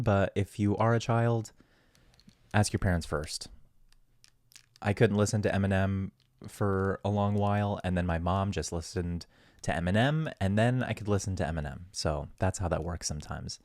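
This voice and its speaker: A man's voice: sits low, darkish tone, dry recording. A man hosting a podcast in goofy, rambling, profane casual talk. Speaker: podcast host.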